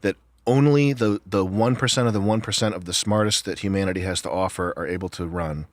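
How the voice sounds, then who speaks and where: A man's voice: deep voice, a little fast, no echo. A man co-hosting a casual podcast chat, sarcastic and piling up long, incredulous rhetorical questions. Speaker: podcast co-host.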